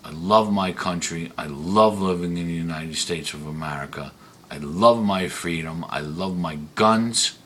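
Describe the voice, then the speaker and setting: Slow, forceful man ranting angrily. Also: low voice, a little hiss or hum. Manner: heated, profane, emphatic. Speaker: video blogger. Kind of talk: angry ranting monologue.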